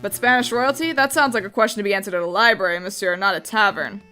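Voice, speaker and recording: A woman's voice: medium pitch, quick pace, bright, forceful tone, soft background music, natural voice. A woman voicing a blunt middle-aged male hunter in a game, curt and matter-of-fact. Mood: dismissive.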